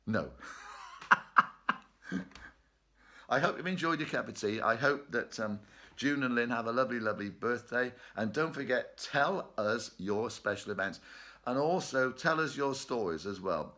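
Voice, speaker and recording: A man's voice: medium pitch, lively intonation, unhurried, long pauses, pushed and bright. A man leading an online choir rehearsal from his bedroom, chatty and joking, laughing often. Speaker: choir leader. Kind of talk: casual online rehearsal chat. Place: bedroom at home.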